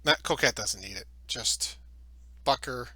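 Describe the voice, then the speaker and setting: A man's voice: mid-range voice, measured pace, bright, forceful tone, slightly rough, no echo. A man narrating as game master of a tabletop game, in a loose, chatty way with fillers.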